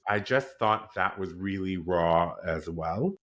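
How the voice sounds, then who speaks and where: A man hosting a podcast interview, speaking earnestly and admiringly in a relaxed chat. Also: deep voice. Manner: earnest, admiring, slow and thoughtful. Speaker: podcast host.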